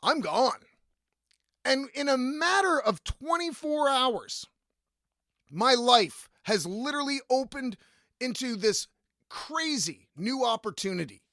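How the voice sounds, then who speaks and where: A man's voice: very high voice, sing-song, takes it slowly, pushed and bright, no echo, studio quality. Profane, rambling man telling a story. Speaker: podcast host. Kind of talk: casual storytelling.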